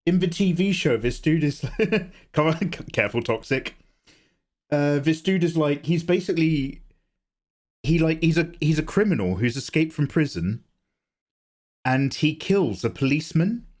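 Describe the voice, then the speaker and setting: Loud, animated young man. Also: a little high, moderate pace. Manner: animated, swears a lot, talks loudly. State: croaky voice. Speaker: livestreaming artist. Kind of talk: casual chat while drawing.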